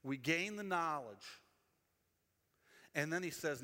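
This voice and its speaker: A man preaching with a high, bright voice that rings out through a large hall's long reverb. He talks to the congregation conversationally, telling stories and repeating phrases for emphasis. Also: animated, takes it slowly, pauses often. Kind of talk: sermon.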